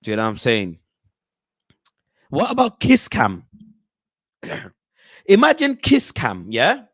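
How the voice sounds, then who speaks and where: A man from the UK hosting casual football chat, animated and slangy, often breaking into chants and impressions. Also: mid-range voice, slow pace, dry recording. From United Kingdom. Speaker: football channel host.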